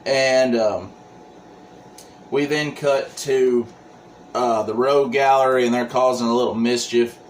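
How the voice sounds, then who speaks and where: A man's voice: mid-range voice, fairly even intonation, unhurried, pauses often, slight background noise, rough recording. A man casually recapping a comic book plot, full of ums and restarts. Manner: rambling, many ums and restarts.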